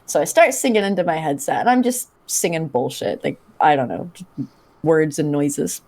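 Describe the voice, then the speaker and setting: A woman co-hosting a casual podcast chat, wry and quick to laugh. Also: sits low, animated, a little mellow. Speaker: podcast co-host.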